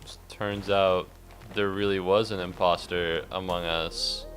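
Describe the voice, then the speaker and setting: A man's voice: sits low, flat delivery, unhurried, a bit bright, smooth, faint music behind. A young man streaming a game, rambling and sarcastic, swearing a lot and yelping suddenly at the game. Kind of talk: casual gameplay commentary.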